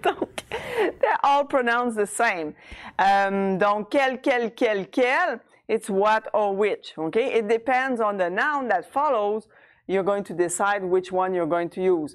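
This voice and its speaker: Patient woman teaching a French lesson. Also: mid-range voice. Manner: patient, checks in with frequent "ok?"; switches between French and English, says words slowly to model them. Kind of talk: explaining a language lesson.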